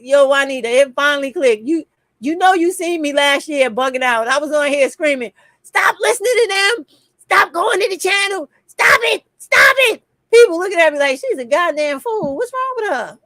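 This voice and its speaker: Emphatic high-voiced New woman. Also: a bit bright, no echo, clean studio sound. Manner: emphatic, heavy profanity. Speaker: livestream host. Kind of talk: impassioned livestream commentary.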